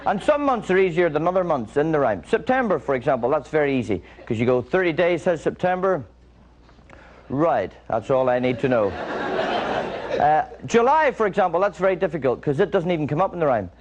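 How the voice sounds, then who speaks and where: A man's voice: on the high side, animated, fairly quick. A man doing observational stand-up on a television studio stage, dry and rambling, acting out small everyday scenes. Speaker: stand-up comedian. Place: television studio stage before a live audience. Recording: noisy broadcast audio with loud audience laughter.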